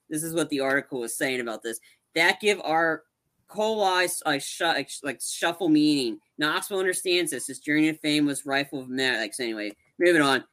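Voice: mid-range voice, sharp tone. A young adult podcast co-host chatting casually about a movie, rambling with lots of fillers and restarts.

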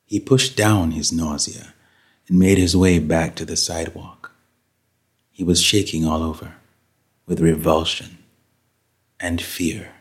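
A man reading a story aloud as narrator in a measured, dramatic way. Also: low voice, fairly even intonation, husky. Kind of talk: scripted audiobook narration.

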